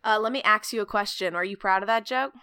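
A woman in her thirties co-hosts a casual podcast, laughing easily and slipping jokes into her storytelling. Her voice is bright and ringing, pitched right in the middle range. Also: fast talker, clean tone. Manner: playful, laughing, jokey asides. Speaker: podcast co-host.

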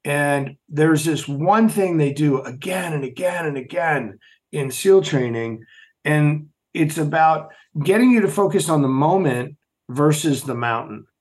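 Emphatic storytelling man, fairly high voice. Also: unhurried. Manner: emphatic, animated storyteller who asks rhetorical questions. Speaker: podcast guest, former Navy SEAL. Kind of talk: storytelling interview.

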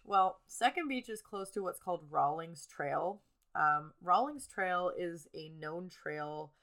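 Congested woman with a bright, forceful voice. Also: on the low side. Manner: narrating case details from notes. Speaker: podcast co-host. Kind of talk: casual true-crime chat.

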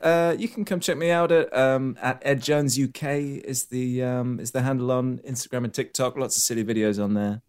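A man's voice: medium pitch, steady tone, normal speed, hardly any pauses, a little mellow, clear, resonant tone. Comedian man on a video call. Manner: enthusiastic, rambling with restarts. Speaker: podcast guest, comedian. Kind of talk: casual chat over video call.

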